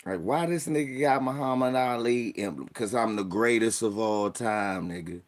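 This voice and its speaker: A young man hosting a casual livestream, telling stories with animated delivery and mock voices. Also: lowish voice, normal speed. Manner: animated storytelling, puts on voices and mock formal talk. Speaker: streamer host.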